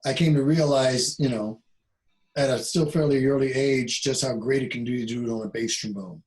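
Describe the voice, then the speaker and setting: A man's voice: medium pitch, moderate pace, darkish tone, poor audio. A male jazz trombonist being interviewed, talking casually and animatedly, acting out quoted exchanges and swearing now and then. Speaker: jazz bass trombonist guest. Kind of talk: casual conversation.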